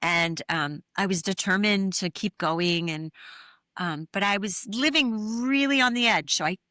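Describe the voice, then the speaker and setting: Bright-voiced middle-aged woman telling her story. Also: mid-range voice, unhurried, no room sound, studio quality. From New England. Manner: earnest, candid, many fillers. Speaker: interview guest, therapist and author. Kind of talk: reflective storytelling in an interview.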